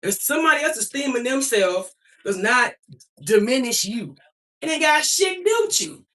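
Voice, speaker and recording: A woman's voice: on the high side, lively intonation, normal speed, sharp tone, far from the mic. A young adult woman livestreaming to her chat, talking back at trolls in a profane, emphatic and confrontational way. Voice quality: profane, defiant.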